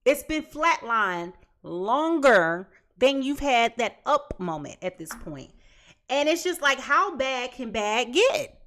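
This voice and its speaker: A woman's voice: sits high, big pitch swings, slow pace, a bit bright. A woman giving a casual tarot reading to viewers, emphatic and chatty, stacking repeated phrases and restarting often. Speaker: tarot reader.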